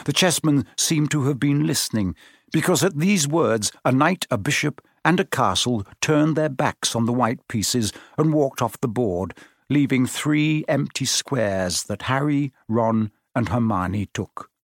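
A man narrating a children's fantasy storybook in an even, measured reading. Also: mid-range voice, dry recording, studio quality. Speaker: audiobook narrator.

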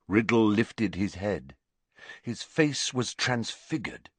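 Slow, husky male audiobook narrator. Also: on the low side, dry recording. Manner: even, deliberate storytelling delivery. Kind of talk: scripted narration.

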